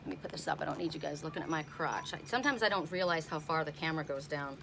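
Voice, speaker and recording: A middle-aged woman with a low, gravelly, slightly bright voice races through an oracle card reading outdoors, her asides blunt and indignant. The tarot and oracle reader's recording carries a little hiss or hum.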